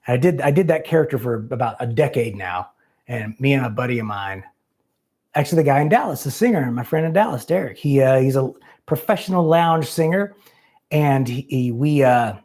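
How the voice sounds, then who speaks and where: A man's voice: mid-range voice, expressive, fairly quick, a little mellow. A man hosting a live call-in show, chatting loosely and profanely, rambling and poking fun at himself. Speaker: host.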